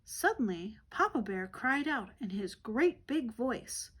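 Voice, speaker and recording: Woman storyteller for kids, slow, higher-pitched, gentle picture-book reading. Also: big pitch swings, husky. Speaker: children's storyteller.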